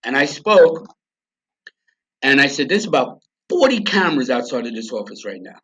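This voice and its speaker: Very animated and a bit bright, a mid-range male voice moves at a moderate pace as a New York podcast guest shares his story. He's blunt, profane and emphatic in this conversational interview, and the lo-fi recording is slightly dull.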